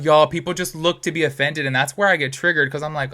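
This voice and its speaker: Guy doing a chatty commentary video, bright voice, kinda high, keeps saying like and y'all. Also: fast. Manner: chatty, animated, heavy use of "like" and "y'all". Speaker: YouTube commentary host. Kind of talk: casual commentary.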